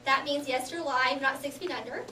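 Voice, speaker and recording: A young woman giving a humorous contest speech, telling stories in an animated way and laughing often. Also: high-pitched, a little fast. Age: young adult. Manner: animated storytelling with bursts of laughter. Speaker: contest speaker. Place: hall with audience. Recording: echoey hall from far off, noisy.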